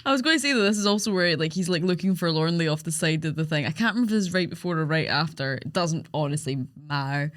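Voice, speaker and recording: A woman co-hosting a podcast, amused as she talks through a film. Her pitch swings up and down a lot from phrase to phrase. The sound is dry and close. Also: expressive, quick pace, hardly any pauses, fairly bright tone, no echo. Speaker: podcast co-host. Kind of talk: casual chat.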